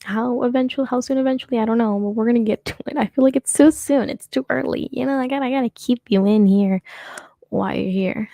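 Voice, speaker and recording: Talking fast in a high-leaning, creaky, dark voice, a young American woman hosts a casual chat show. She rambles, cracks jokes about herself, and laughs often, with no room sound in the recording.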